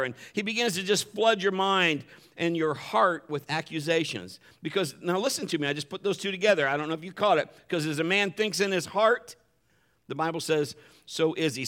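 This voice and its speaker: A man's voice: fairly high pitch, a bit bright. A pastor preaching a sermon in a conversational way, acting out the voices he quotes.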